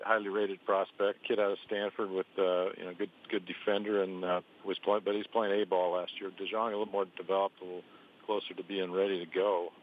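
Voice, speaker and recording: A man reporting on baseball over the phone, talking in halting bursts with many fillers and restarts. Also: on the low side. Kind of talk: phone interview. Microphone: phone line. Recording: tinny phone line with faint hiss.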